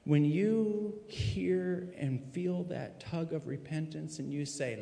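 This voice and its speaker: A man preaching a sermon in a full church sanctuary, swinging dramatically from hushed tones to shouting. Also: on the high side, takes it slowly, vocal fry, hardly any pauses. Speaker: pastor. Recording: echoey hall reverb.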